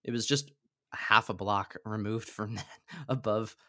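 A man's voice: on the low side, steady tone, moderate pace, pushed and bright. A man in his thirties chatting casually, teasing his friend and laughing along. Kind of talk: casual chat.

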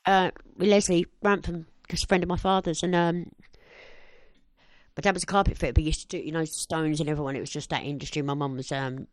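A woman's voice: low-pitched, fast talker, dry recording. A woman, a podcast guest telling stories in a casual interview and acting out other people's lines. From southeast England. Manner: lively storyteller who acts out other people's lines.

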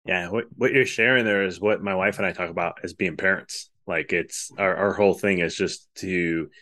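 Earnest, rambling lower-voiced man host. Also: fairly even intonation, moderate pace, pushed and bright. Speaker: podcast host. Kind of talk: casual interview talk.

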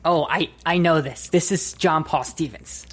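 A man's voice: a little high, husky. Eager, confident male podcast co-host. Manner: eager, confident, quick to answer. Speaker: podcast co-host and trivia contestant. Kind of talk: casual podcast chat.

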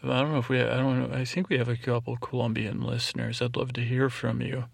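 A man's voice: mid-range voice, flat delivery, quick pace, creaky, husky, no room sound. A man hosting a bedtime podcast, rambling along and stumbling over foreign words as he reads them out. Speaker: podcast host.

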